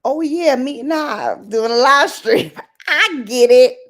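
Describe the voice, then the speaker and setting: A woman hosts a casual late-night livestream through her laptop mic, speaking slowly in a high-pitched, animated voice. She laughs often and greets viewers by name.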